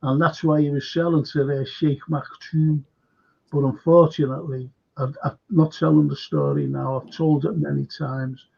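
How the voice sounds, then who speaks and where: An older man hosting a casual fan podcast, rambling, animated and swearing a lot. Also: a little high, moderate pace, vocal fry, husky. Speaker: host. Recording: dull lo-fi call audio.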